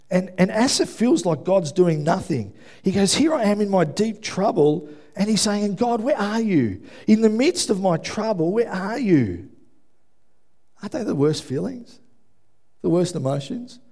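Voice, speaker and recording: A man preaching a sermon in a church, telling lively stories and acting out quotes with self-mocking asides. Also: fairly high pitch, vocal fry. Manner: animated storytelling, acts out shouted quotes, self-deprecating asides. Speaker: pastor. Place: church hall with congregation.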